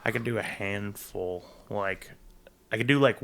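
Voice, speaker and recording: Brief: podcast co-host, man, gravelly and sharp-toned, low voice, rambling. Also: unhurried. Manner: rambling, crude, joking. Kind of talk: casual chat.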